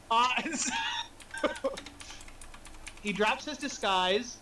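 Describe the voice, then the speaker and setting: A man's voice: very high-pitched, slow, long pauses, sharp tone, slight background noise, low-quality recording. A man narrating as game master in a chatty way, laughing often and using lots of fillers.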